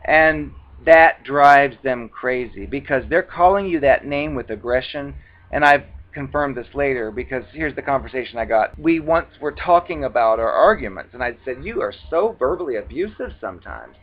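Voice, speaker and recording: A man's voice: mid-range voice, animated, moderate pace. A man giving advice in a casual talking-head monologue, speaking conversationally and acting out the retorts he quotes. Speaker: advice vlogger. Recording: dull lo-fi recording.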